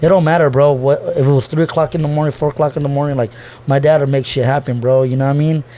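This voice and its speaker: A man's voice: a little high, fairly even intonation, rapid-fire, warm tone. Young man talking slangy and heartfelt. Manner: loose slangy talk, says bro constantly, swears, restarts; emotional, opening up about family. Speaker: podcast guest. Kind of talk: casual heartfelt conversation.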